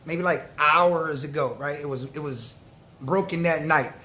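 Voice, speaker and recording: A man, telling a story to camera in a loose, slang-filled, animated way. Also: fairly high pitch, a little slow, a little hiss or hum. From New York. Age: 40s. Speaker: vlogger.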